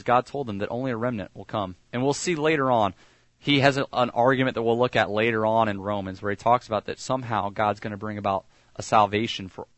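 A male pastor preaches in a relaxed, conversational style. His pitch sits mid-range for a man, and he often sinks to a quieter, lower voice on key lines. The sound is dry and close, with no room echo. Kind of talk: sermon.

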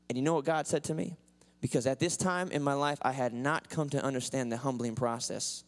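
Fervent male preacher, fairly high voice. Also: moderate pace. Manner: builds to loud, sing-song preaching at climaxes. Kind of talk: sermon. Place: church.

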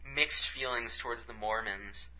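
A man casually telling a story as a podcast co-host, animated and profane. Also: mid-range voice, measured pace. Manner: animated, profane, acts out quotes. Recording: dull lo-fi recording.

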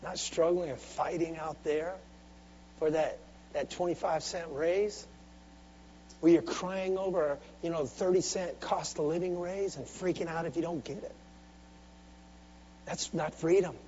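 A male preacher delivering a sermon, calling on the congregation to answer back. He drops to near-murmurs, then builds to loud, driving exhortation in a fairly high voice. The recording sounds dull and lo-fi, with a faint hum underneath. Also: steady tone, a little slow, pauses often. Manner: swings from soft, intimate asides to loud, driving exhortation. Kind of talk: sermon with call-and-response.

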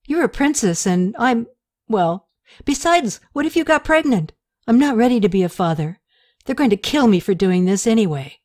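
A woman's voice: on the high side, animated, moderate pace, darkish tone, voice pushed up, lightly acted. A woman voicing an eager, awkward young man in an audiobook, speaking in an easygoing, plain way. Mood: hesitant. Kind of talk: audiobook character voice.

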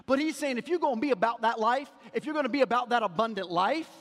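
A man's voice: extremely high pitch, fast talker. Guy pastor preaching in a church sanctuary, chatty sermon, big hall reverb. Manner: conversational preaching, drops to quiet storytelling.

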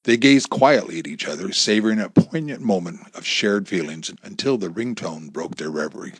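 A man's voice: deep voice, expressive, moderate pace, husky, no echo, clean studio sound. A man narrating an audiobook expressively, shifting between character voices.

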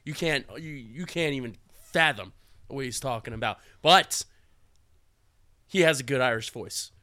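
A man's voice: mid-range voice, unhurried, bright, forceful tone. A man co-hosting a podcast who stammers through teasing questions in casual chat. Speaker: podcast co-host.

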